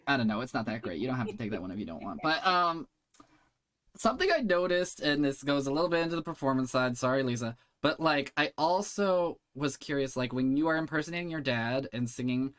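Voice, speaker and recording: A man's voice: fairly high pitch, a bit bright. A man hosting a comedy feedback show, talking casually and rambling with lots of uh, um and like. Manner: rambling, hedging with uh and like.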